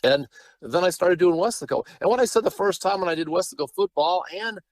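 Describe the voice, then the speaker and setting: A chatty man from Chicago telling long career stories as a guest on a sports podcast. His voice sits a little higher than most men's and comes across dry and close, with no room sound. He rambles along with plenty of asides. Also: expressive, fairly quick, no room sound, low-quality recording. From Chicago, Illinois. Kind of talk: casual interview chat.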